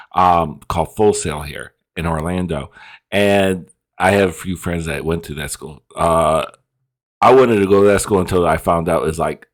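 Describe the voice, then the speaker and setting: A man from Florida with a Southern country accent, loudly reacting to a movie in casual commentary. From Florida, USA. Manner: loud, excitable, swearing, jumps to high squeals. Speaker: reaction video host.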